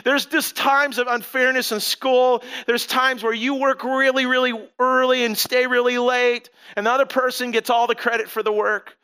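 A male pastor delivers a sermon in a relaxed, storytelling manner, breaking into animated asides. His voice sits high and sounds crisp and clear throughout. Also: normal speed, hardly any pauses.

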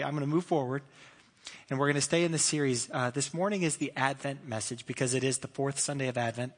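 A man preaching a sermon as a pastor in a church, in a lively, conversational way with many restarts. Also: mid-range voice. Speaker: site pastor. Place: church sanctuary. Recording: long church hall reverb.

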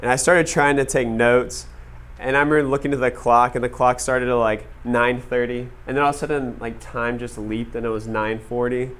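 A man telling a story to an audience in a casual, animated way, full of "like" fillers. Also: mid-range voice, fairly quick, smooth. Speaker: speaker addressing an audience. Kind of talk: storytelling talk to a live audience.

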